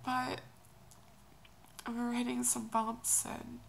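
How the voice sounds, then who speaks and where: A young woman vlogging about a personal move, tearful and speaking in a halting, hesitant, soft way. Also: on the high side, completely flat delivery, gravelly, a little hiss or hum. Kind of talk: emotional personal vlog.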